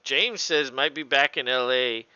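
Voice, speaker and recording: A man with a very bright, smooth voice calls the game play by play in a loose, joking way. He laughs a lot and curses freely. The audio is dull and lo-fi, like a home stream. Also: medium pitch, a little slow, dry recording. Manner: relaxed, laughs often, swears freely. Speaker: co-host doing play-by-play. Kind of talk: casual play-by-play commentary.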